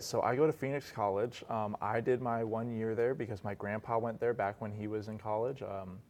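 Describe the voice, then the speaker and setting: Young male interview guest, low-pitched, easygoing, lots of "like" and "um". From Arizona, US. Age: 20s. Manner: relaxed, many fillers and "like". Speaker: guest, resort concierge. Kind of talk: casual interview. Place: podcast studio.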